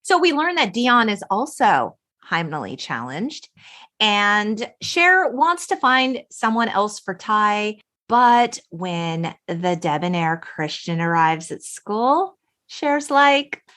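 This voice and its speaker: A woman in her forties hosting a podcast, recapping a film in animated casual chat, quoting characters and laughing often. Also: mid-range voice, slow pace. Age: 40s. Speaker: podcast host.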